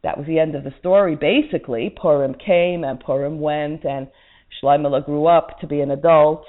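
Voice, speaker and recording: A woman telling a moral story as a sermon, expressive and swinging from soft to loud. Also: low-pitched. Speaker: religious speaker. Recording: tinny phone-like line.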